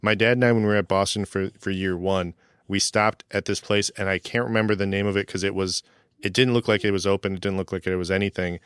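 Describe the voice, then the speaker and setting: A man with a lower, smooth and resonant voice tells easygoing anecdotes on a podcast. His delivery is relaxed, and the sound is dry and close. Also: quick pace, no echo. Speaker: podcast co-host. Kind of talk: casual chat.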